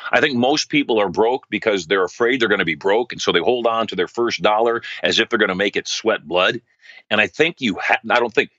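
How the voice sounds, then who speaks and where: A middle-aged man, a wealth coach, answering interview questions as an animated storyteller who acts out the people he quotes. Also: fairly low pitch, dry recording. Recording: dry, slightly dull podcast audio.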